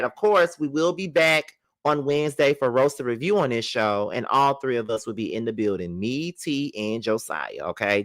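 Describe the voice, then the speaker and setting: A man giving a casual, sassy live review of a reality show, animated and swearing freely. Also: medium pitch.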